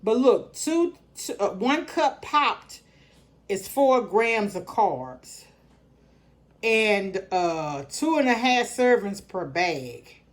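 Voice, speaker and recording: A woman's voice: medium pitch, very animated, very slow. A middle-aged woman, chatting casually through a grocery haul and talking to her viewers in a folksy way. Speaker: vlogger.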